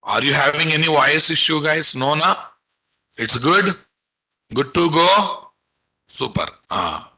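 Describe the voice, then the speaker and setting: A man lecturing a live online class, his voice very bright and forceful and pitched a little above the usual male range. He keeps firing rhetorical questions at his students and nudging them along with repeated check-ins. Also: animated, slow pace, long pauses, slightly rough, poor audio. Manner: repetitive, coaxing teacherly delivery. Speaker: programming instructor.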